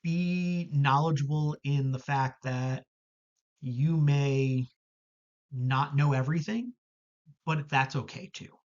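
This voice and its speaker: A man's voice: mid-range voice, takes it slowly, long pauses, darkish tone, muffled recording. A man telling a candid personal story about his camp work, reflective, with many fillers and self-corrections, over a video call.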